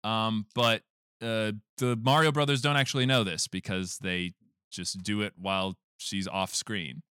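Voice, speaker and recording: A man hosting a casual podcast, retelling a film scene by scene and acting out the characters' lines in quick bits. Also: on the low side, clean tone, no echo, studio quality. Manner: animated storytelling, acts out lines of movie characters. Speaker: podcast host recapping a film. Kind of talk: casual chat.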